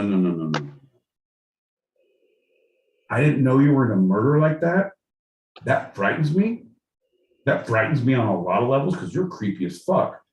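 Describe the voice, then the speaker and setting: A man's voice: fairly low pitch, darkish tone, recorded from a distance. A man co-hosting a casual podcast, ranting in mock outrage with lots of swearing. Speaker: podcast co-host. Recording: echoey room with faint noise.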